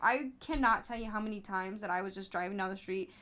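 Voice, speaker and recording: A woman telling stories in a casual podcast interview, chatty and animated, with frequent fillers and restarts. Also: quick pace. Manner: animated storytelling, acts out others in high voices. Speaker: podcast host, app founder being interviewed.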